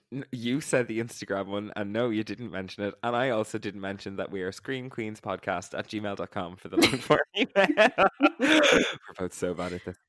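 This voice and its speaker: A man's voice: on the low side, lively intonation, normal speed, fairly bright tone, dry recording, clean studio sound. A man co-hosting a podcast in casual chat, joking, giggling often and swearing freely. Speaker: podcast co-host.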